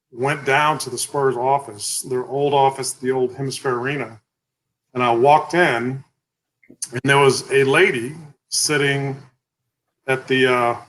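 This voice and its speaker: A man's voice: medium pitch, unhurried, pauses often, slight background noise, rough recording. A man, a company founder telling stories in a casual interview, salty and full of "like" and "you know". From Texas. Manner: animated storyteller, salty, lots of 'like' and 'you know'.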